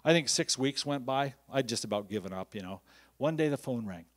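Guy telling a story he dug up for his book, chatty, lots of "you know", acts out the voices. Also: a little fast. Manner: animated, acts out quoted voices with rising pitch; conversational, uses many "you know" fillers. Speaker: author telling stories. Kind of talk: casual anecdotal storytelling.

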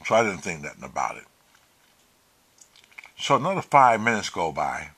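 A man, husky and bright, whose pitch swings all over as he tells his story. He swears freely and slips into the voices of the people he quotes. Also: very animated, moderate pace. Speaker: vlogger. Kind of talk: profane casual storytelling.

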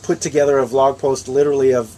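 A man's voice: mid-range voice, little pitch movement, fast talker, dark tone, slight background noise. A man from Minnesota chatting casually at his home, telling a story in an easygoing way. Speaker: vlog co-host. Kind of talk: casual chat.

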